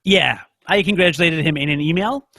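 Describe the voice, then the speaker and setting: Rambling, higher-voiced man on a podcast. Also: a little fast, gravelly, bright, forceful tone, a little hiss or hum. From United States. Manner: rambling, self-mocking, joking. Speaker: podcast co-host. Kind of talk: casual podcast chat.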